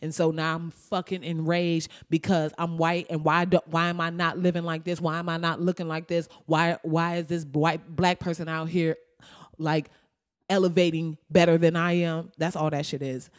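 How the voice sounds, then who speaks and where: A woman's voice: deep voice, normal speed. A woman hosting a podcast, telling stories in casual, heavily profane commentary. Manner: profane, animated storytelling. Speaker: podcast host.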